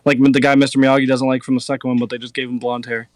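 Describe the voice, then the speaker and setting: A man's voice: mid-range voice, level tone, rapid-fire, dry recording. A man hosting a podcast, telling stories in a rambling casual way with lots of filler words. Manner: rambling storyteller, many "like" fillers. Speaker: podcast host. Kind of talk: casual chat.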